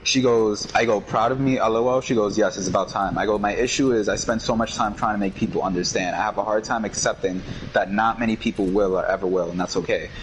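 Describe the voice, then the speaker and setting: Laid-back low-voiced man telling stories. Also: quick pace, few pauses, noisy background. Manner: laid-back and slangy, recounts conversations line by line. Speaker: podcast co-host. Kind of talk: casual chat, storytelling.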